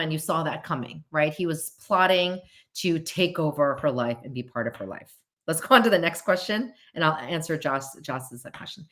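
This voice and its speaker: Chatty, animated woman clinician. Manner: chatty and animated, with quick jumps in pitch and playful asides. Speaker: clinician and commentator. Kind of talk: casual livestream commentary.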